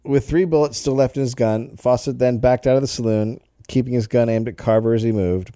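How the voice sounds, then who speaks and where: A man's voice: medium pitch, fairly quick, warm tone, no room sound, studio quality. A man co-hosting a comedy podcast, reading a history story aloud with jokey asides. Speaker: podcast co-host telling the story.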